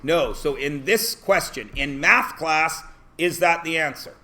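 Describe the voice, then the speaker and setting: A man's voice: on the high side, unhurried, pushed and bright. A man teaching a math class, asking the students questions and often answering them himself. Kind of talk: classroom lesson.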